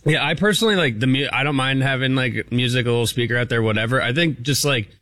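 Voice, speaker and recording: A man's voice: medium pitch, quick pace, pushed and bright, no echo. A man co-hosting a talk radio show, chiming in with dry, snarky remarks. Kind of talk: casual talk radio banter.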